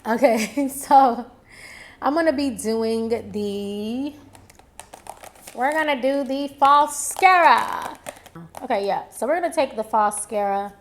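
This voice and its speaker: A young woman talking viewers through her makeup routine in a casual, chatty way, often addressing them directly and talking to herself. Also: fairly high pitch. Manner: chatty, talks to viewers and herself, drawn-out exclamations. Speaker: beauty vlogger.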